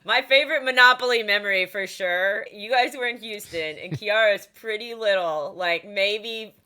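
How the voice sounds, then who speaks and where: A middle-aged woman co-hosting a casual comedy podcast, telling stories in an animated way, laughing often and saying "like" a lot. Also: medium pitch, normal speed, smooth. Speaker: podcast co-host.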